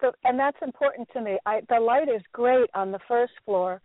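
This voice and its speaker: A woman's voice: a little high, normal speed, no echo. A woman calling in to a radio show, asking earnest questions about her move and her work. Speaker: caller. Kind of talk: phone-in question to a radio reader. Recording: tinny dry phone line.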